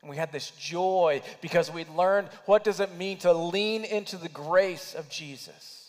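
Guy preaching a sermon, kinda high voice, gets loud then goes real quiet, echoey hall. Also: unhurried. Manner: emotional, swings between loud urging and hushed near-whispers. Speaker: pastor.

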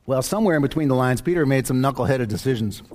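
A man's voice: mid-range voice, lively intonation, quick pace, darkish tone. A man preaching a sermon as a pastor, in a conversational way with joking asides.

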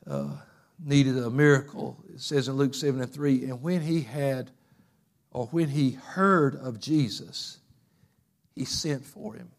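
A man preaching a fervent sermon, telling stories and swinging from loud bursts to hushed passages. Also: mid-range voice, a little slow.

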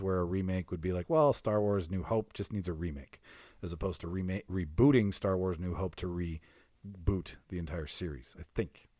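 A man's voice: low-pitched, darkish tone, no room sound, studio quality. A man hosting a podcast in casual chat, rambling and laughing often, swearing now and then. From Canada. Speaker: podcast host.

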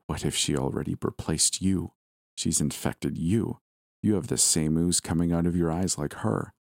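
A man voicing a paranoid, exhausted young husband who speaks quietly and tensely in a storybook reading. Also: sits low, moderate pace, gravelly, no room sound, studio quality. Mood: paranoid menace.

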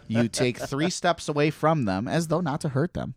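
A man's voice: fairly high pitch, animated, moderate pace. A man on a podcast telling a story and ranting in casual chat, swearing freely. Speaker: podcast co-host.

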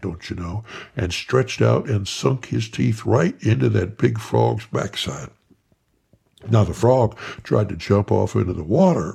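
A man telling a folksy tale in an unhurried way, talking straight to his listeners, with a gravelly, husky voice. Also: fairly low pitch, a little mellow. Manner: unhurried, addressing listeners by name. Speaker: storyteller. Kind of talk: folksy spoken storytelling.

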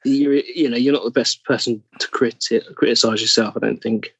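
Husky-voiced English actor, dry sound. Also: male voice, medium pitch, steady tone, normal speed, a bit bright, dry recording, highs cut off. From England. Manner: thoughtful, searching for words, trailing off. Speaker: actor, podcast guest. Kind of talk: casual interview chat.

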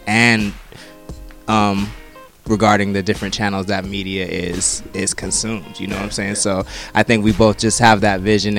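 A man's voice: deep voice, creaky. A man talking as a musician guest in a casual interview, laid-back and reflective.

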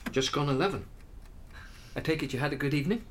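An actor playing a gentle middle-aged father who coaxes his daughter affectionately. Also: on the high side, fast, slight background noise, lightly acted. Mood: coaxing. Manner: coaxing, affectionate. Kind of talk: radio drama acting.

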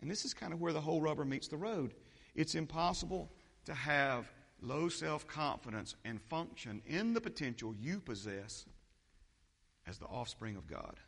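High-voiced man preaching in a reverberant hall. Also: very animated, normal speed, creaky, fairly bright tone, breathy edge. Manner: emphatic, repetitive, building lists, interjects "amen". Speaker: pastor. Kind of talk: sermon.

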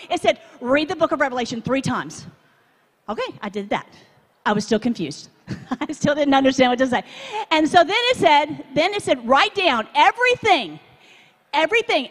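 A woman from Texas, preaching to a live audience in a chatty, animated way and asking the crowd to join in. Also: high voice. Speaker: conference speaker. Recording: long hall reverb.

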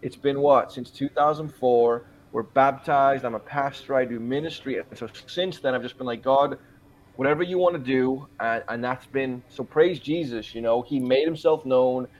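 A man's voice: mid-range voice, moderate pace, highs cut off. A man in his forties, a pastor, telling his conversion story in an interview, earnest and emphatic. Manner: earnest and emphatic, quoting his own prayers. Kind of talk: personal testimony in a podcast interview.

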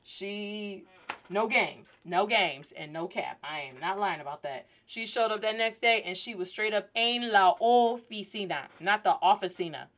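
A woman hosting a lively Spanish lesson, playfully acting out little scenes and drilling words for her class to repeat. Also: medium pitch, a little slow. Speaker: Spanish teacher and host. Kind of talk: energetic language lesson.

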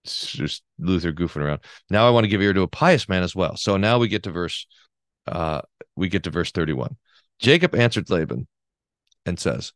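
A man's voice: low-pitched, moderate pace, no room sound, clean studio sound. A man, a pastor, teaching a Bible class in a conversational way, reading quotations aloud and commenting with frequent restarts. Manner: lively, restarts often, reads quotations with emphasis.

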